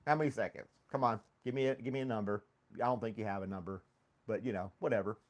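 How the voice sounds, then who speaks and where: A man with a lowish voice talks fast as he hosts a relaxed coffee podcast live from home. His studio has foam on the walls, and he's chatty, laughing frequently while reading chat and addressing his dog.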